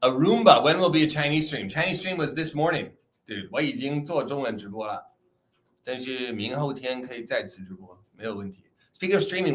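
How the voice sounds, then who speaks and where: Young male streamer, casual rambling live chat, swears freely, mid-pitched. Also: sharp tone. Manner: loose, profane, rambling with frequent restarts.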